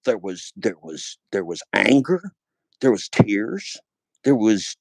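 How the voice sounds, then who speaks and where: A man in his fifties hosting a livestream, talking in a rambling, profane way, repeating phrases and swinging loud and high when worked up. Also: very animated, slow pace, vocal fry, no room sound. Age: 50s. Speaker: livestream host. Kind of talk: casual livestream monologue.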